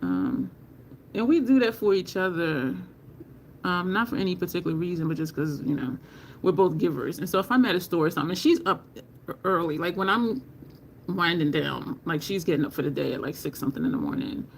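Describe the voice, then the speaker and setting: A woman hosting a makeup livestream from home, talking slowly and rambling while she greets viewers from the chat. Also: lowish voice, expressive, vocal fry, slight background noise.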